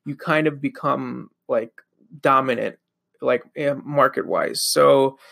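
A man's voice: mid-range voice, slow pace, creaky, fairly bright tone. A young man hosting a podcast, talking in a loose, rambling solo monologue full of fillers, sleepy and yawning at times. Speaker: podcast host.

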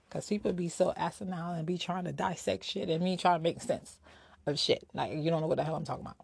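A woman's voice: on the low side, fast, vocal fry, darkish tone, slightly rough. A middle-aged woman ranting candidly in a casual personal vlog, slightly out of breath, tossing in rhetorical asides. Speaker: vlogger.

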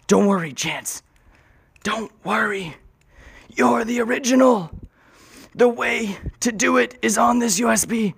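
A man voicing a wounded male friend who whispers reassurance in a hushed, soft voice. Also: very high voice, measured pace, vocal fry, long pauses, slightly rough, no echo, voice pushed up, heavily acted. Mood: reassuring.

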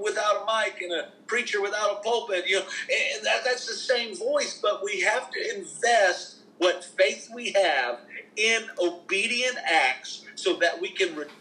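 A middle-aged man, a minister, telling faith stories in an animated, emphatic preaching style as a podcast guest. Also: high-pitched, unhurried, low-quality recording. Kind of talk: conversational preaching testimony.

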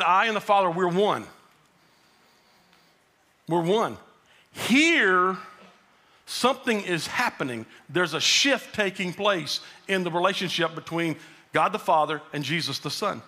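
A male pastor preaching a sermon in a high, bright voice. He pushes his delivery up and then lets it fall low and quiet for emphasis. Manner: preaching, rising to shouted quotes then dropping low.

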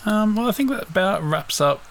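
Man, podcast co-host, casual, agreeable, rapid speech, slightly high voice. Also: lively intonation, gravelly, a little hiss or hum. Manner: brief, agreeable replies. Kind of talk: casual gaming podcast chat.

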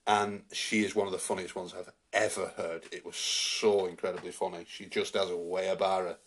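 A man's voice: low voice, flat delivery, a little fast. A man, co-hosting a casual podcast chat and rambling with lots of fillers. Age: 40s. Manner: rambling, with many fillers and restarts. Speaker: podcast co-host.

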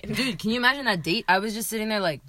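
A woman's voice: mid-range voice, quick pace. A young woman co-hosting a podcast, telling a dating story with lots of swearing and acted-out quotes. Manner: animated, swears a lot, acts out quotes. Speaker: podcast co-host. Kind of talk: casual storytelling chat.

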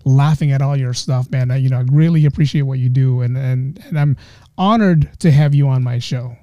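A middle-aged man from the Bay Area hosting a casual podcast interview, effusive with thanks and quick to laugh. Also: medium pitch, warm tone, no room sound, dull audio. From San Francisco Bay Area. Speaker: podcast host.

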